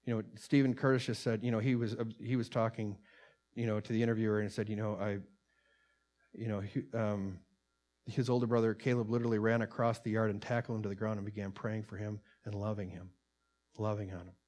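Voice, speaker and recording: A man's voice: on the low side, little pitch movement, fairly quick, a little mellow. Earnest male preacher reading quotes aloud. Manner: earnest, rising in volume on quotes, many fillers. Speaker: pastor. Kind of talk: sermon with read-aloud transcript.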